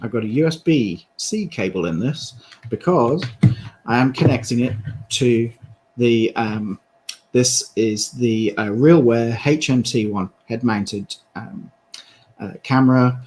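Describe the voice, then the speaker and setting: A man with a British accent giving a halting live product demo, with many fillers and restarts. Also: medium pitch, a little mellow, a little hiss or hum, low-quality recording. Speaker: presenter demonstrating a headset.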